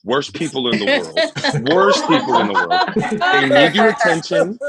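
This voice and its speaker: A man doing a live stand-up comedy routine, telling an animated story with punchy asides and frequent "right?" check-ins, streamed from home. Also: fairly high pitch, normal speed, over a noisy crowd, low-quality recording.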